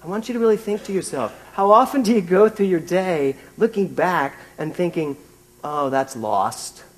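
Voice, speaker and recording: Man in his fifties, British accent, high voice, chatty self-mocking sermon, minister. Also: brisk. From Britain. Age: 50s. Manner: conversational and self-mocking, with frequent restarts. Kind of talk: sermon with personal anecdote.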